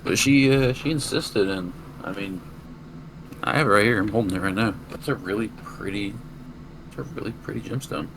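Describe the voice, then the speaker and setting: A man's voice: lowish voice, moderate pace, creaky, a bit bright, poor audio. A young man co-hosting a podcast, telling a rambling anecdote in casual chat and swearing freely. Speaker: podcast co-host. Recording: noticeable background noise.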